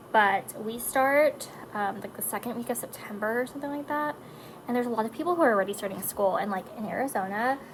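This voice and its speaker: A talkative woman in her thirties chats at home about her kids while doing her makeup. Her voice sits a touch high, and she wanders between topics with plenty of likes and ums. Steady background noise runs under the recording. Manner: chatty and emotional, drifting between topics with frequent likes and fillers. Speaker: vlogger and mother of four.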